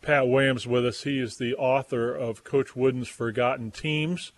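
A man's voice: medium pitch, fairly even intonation, moderate pace. A male radio host asking long, enthusiastic questions in an interview.

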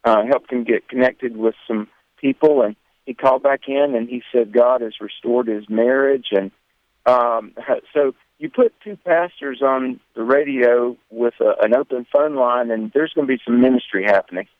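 Southern pastor guest on a dry phone line, earnest and conversational. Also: male voice, medium pitch, moderate pace, no room sound. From American South. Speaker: radio guest, pastor and co-host. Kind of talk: phone-in radio interview.

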